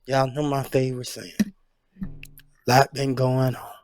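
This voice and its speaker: A man's voice: medium pitch, monotone, measured pace, darkish tone, faint music behind. A man co-hosting a casual podcast, out of breath and talking loosely and profanely, sometimes dropping into gossipy whispers. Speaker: podcast co-host.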